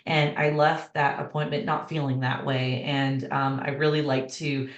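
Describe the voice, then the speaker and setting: Low-voiced woman hosting, echoey room. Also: flat delivery, unhurried, dull audio. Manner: warm, personal introduction. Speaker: host. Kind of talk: conference introduction.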